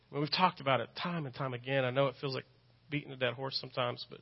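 A man's voice: medium pitch, steady tone, fast, gravelly, highs cut off. A man with a Texan accent preaching a sermon as a pastor, earnest and conversational, repeating phrases for emphasis and dropping in self-deprecating asides. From Texas. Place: church sanctuary.

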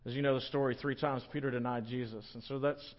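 A man's voice: mid-range voice, quick pace, muffled recording. Joking, conversational man preaching a sermon. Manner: conversational, joking, animated storytelling. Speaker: pastor.

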